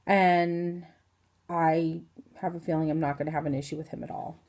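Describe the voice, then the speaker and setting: A woman's voice: low-pitched, level tone, normal speed, a little mellow. A woman in her thirties from Indiana giving a rambling, casual health update to her phone camera, full of ums and self-corrections. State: hiccups. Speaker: vlogger.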